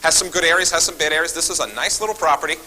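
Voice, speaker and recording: A man talks rapid-fire in a slightly high voice over a rough recording. Telling stories at a seminar, he is animated, acts out phone calls, and keeps turning to the audience.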